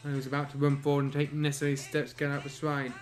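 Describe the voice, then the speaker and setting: A man reading a fan story aloud in an amateur narration, halting and stumbling at times. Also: medium pitch, monotone. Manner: halting, with stumbles and throat-clearing. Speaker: reader.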